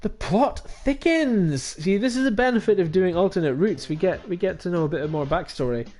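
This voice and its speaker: A man's voice: sits high, fast talker, a little mellow. A man giving casual commentary as a streamer while playing a game, chatty with self-mocking asides. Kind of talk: casual let's-play commentary.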